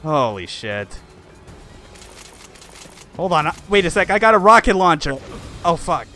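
Young male streamer, exclamatory and profane, bright, slightly high voice. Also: sing-song, a little slow, faint music behind. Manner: exclamatory, swears a lot, laughs at the game. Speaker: game streamer. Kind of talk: live gameplay commentary.

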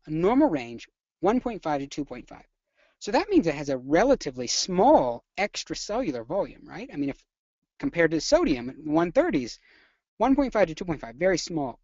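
A nursing instructor teaching a live webinar lecture, energetic and chatty, often quizzing the audience. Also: mid-range voice, no echo, muffled recording.

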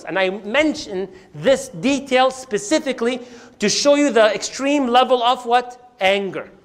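Male preacher, high-pitched storyteller who acts out the scenes. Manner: animated, acts out the scenes, quotes Quranic Arabic. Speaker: Islamic preacher. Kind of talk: storytelling sermon.

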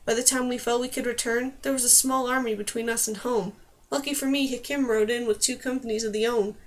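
Brief: woman narrator doing a wry, steady woman knight in a storybook. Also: on the high side, fairly quick, close to an everyday voice. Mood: calm.

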